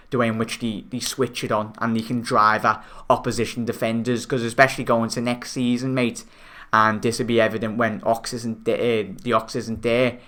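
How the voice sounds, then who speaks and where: This young man hails from Liverpool, England, and speaks with a Scouse accent as he hosts his football fan stream, going through viewer comments and addressing them as mate. He has a mid-range, sharp-toned voice recorded through a new desk microphone.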